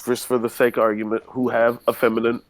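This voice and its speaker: A man's voice: medium pitch, completely flat delivery, fast talker, no room sound. A man co-hosting a casual group discussion, rambling and playful as he argues by example. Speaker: podcast co-host.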